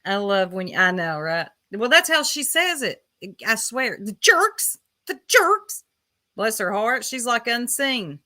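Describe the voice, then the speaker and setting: A woman's voice: a little high, lively intonation, unhurried, bright, forceful tone. A woman with a Southern US accent hosting a casual livestream, chatting and teasing while greeting viewers by name. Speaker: livestream host.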